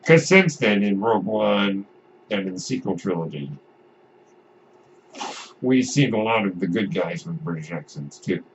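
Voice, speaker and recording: A low-voiced, animated podcast host talks a little slowly with long pauses as he muses about films. His casual commentary rambles, restarting often and wandering into asides. Faint noise sits in the dull, lo-fi audio.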